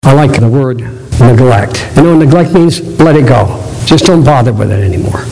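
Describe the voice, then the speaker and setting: A man's voice: medium pitch, animated, brisk, creaky, darkish tone. A man preaching a sermon as pastor, emphatic, repeating his key phrases to drive them home. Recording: reverberant hall.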